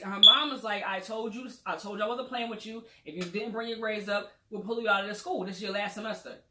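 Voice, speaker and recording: Bright-voiced woman recapping a novel. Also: mid-range voice, a little hiss or hum. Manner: retells scenes, acting out characters' lines. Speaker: book discussion host. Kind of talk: casual book discussion. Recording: echoey room.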